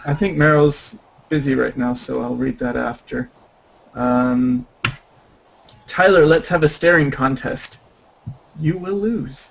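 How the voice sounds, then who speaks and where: A man's voice: mid-range voice, takes it slowly, gravelly, pauses often, breathy edge. A man hosting a casual livestream chat with friends, laid-back, chatty and joking, talking over a computer mic. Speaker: stream host. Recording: dull lo-fi stream audio with faint hiss.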